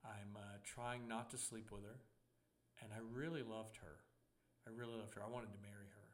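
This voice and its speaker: A man's voice: lowish voice, steady tone, normal speed. A young adult man, a pastor, preaching a sermon in a conversational way, with humor and personal stories.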